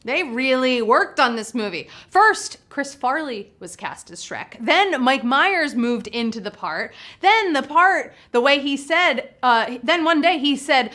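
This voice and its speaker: A woman's voice: high-pitched, animated, measured pace, sharp tone. A woman hosting a live trivia game show, exuberant and playful, joking with the players as she reads out questions and answers.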